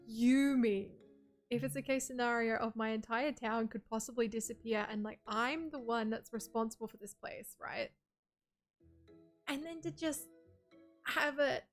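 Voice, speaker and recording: A young woman streamer giving casual, rambling commentary while playing a story game, chatty and full of "like". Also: high-pitched. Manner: chatty, rambling, with frequent "like" and laughs. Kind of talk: casual let's-play commentary.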